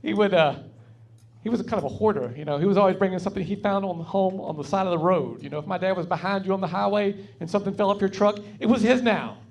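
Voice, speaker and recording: A man's voice: sits high, fast talker, creaky, a little mellow, dull audio. A man with a Southern US accent from North Carolina doing a stand-up comedy set on a club stage, telling folksy, wry stories into a stage mic. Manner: folksy, wry storytelling delivery.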